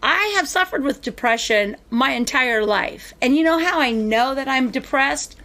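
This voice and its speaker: A woman hosting a podcast, telling stories in casual chat with animated emphasis. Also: high-pitched, normal speed. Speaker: podcast host.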